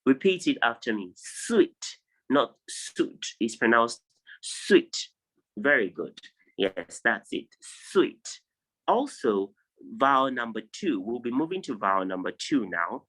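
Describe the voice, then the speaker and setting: A man's voice: medium pitch, sing-song, unhurried, a bit bright, poor audio. A man from Nigeria teaching vowel sounds in an online lesson over a video call, drilling word lists aloud one word at a time. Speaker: English tutor.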